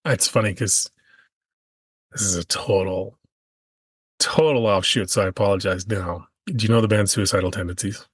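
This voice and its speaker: Man podcast host, slightly husky, chatty storyteller, dry close mic. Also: lowish voice, moderate pace, pauses often, dry recording. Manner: storytelling, animated when quoting others. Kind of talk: casual conversational chat.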